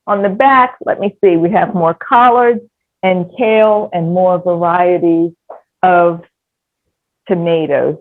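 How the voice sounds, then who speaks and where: A woman's voice: lowish voice, steady tone, slow, no echo. A woman gushing about her garden in a casual testimonial on a video call. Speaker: garden tour guest. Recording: tinny phone-line sound, dry.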